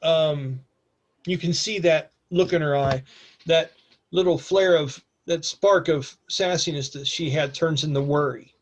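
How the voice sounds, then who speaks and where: A man's voice: fairly high pitch, measured pace. A man narrating a tabletop game as game master in a casual way, with fillers.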